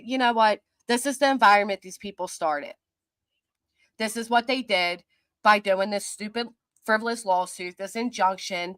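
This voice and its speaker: A woman's voice: mid-range voice, a bit bright, dry recording. Mocking woman host in a dry room. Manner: mocking, defiant, quick to laugh. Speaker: commentary channel host. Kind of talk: livestream reading and answering viewer comments.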